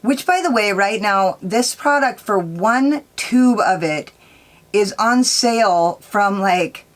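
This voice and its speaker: A woman chatting casually while she blends her eyeshadow on camera. She rambles through a story in a loose, foul-mouthed way, leaning hard on "like" and "dude". Her pitch sits at an ordinary middle level. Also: lively intonation, slow. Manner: rambling, profane, peppered with "like" and "dude". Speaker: makeup vlogger.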